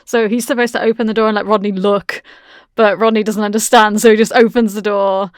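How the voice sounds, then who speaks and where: A woman's voice: medium pitch, little pitch movement, brisk, no room sound, clean studio sound. A woman in her forties from the United Kingdom who co-hosts a podcast and retells a TV episode in a chatty way, laughing often. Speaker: podcast co-host. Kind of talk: casual chat, episode recap.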